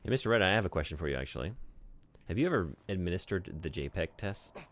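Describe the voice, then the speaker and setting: Male game streamer, very low voice with lively swings, loose rambling chat full of "like", casual swearing. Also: quick pace, a little hiss or hum.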